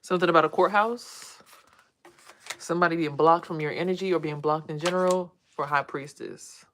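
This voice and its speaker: A woman who reads tarot and vlogs about spirituality talks straight to her viewers in a casual, rambling way. Her voice is low and a bit bright at a moderate pace, with a slight hiss or hum in the recording.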